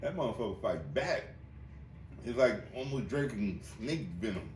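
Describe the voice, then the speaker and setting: Loud joking guy on a podcast, voice jumps up and down a lot, kinda far from the mic in an echoey room. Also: medium pitch, lively intonation, moderate pace, slight background noise. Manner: loud, joking, laughs a lot, swears freely. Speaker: podcast host. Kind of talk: casual chat.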